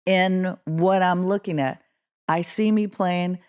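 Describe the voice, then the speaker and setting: Taking her time, a guest musician from Oakland, California recounts a story in an interview, her clear and resonant voice climbing whenever she performs the quoted lines. She is a middle-aged woman with an animated delivery.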